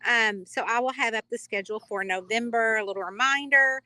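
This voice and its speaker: Bubbly Kentucky woman, bright voice. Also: a little high, a little fast, no room sound. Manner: chatty, rambling, bubbly, reads out viewer comments. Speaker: author hosting a live reader chat. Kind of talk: casual livestream chat.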